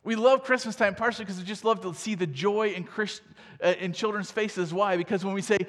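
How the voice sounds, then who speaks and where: A male pastor delivers a sermon in an easy, conversational manner, punctuating his points with rhetorical asides to his listeners. His voice sits high for a man. The sound carries the long reverb of a large hall. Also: brisk. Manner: conversational preaching with frequent "right?" asides.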